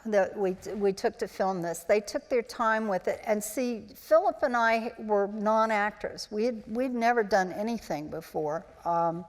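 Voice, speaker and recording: A woman's voice: mid-range voice, a little slow, hardly any pauses. A woman in her sixties, a former child actor, telling chatty anecdotes on stage at a live interview, acting out the voices she quotes. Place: large auditorium, live event. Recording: live hall with long reverb.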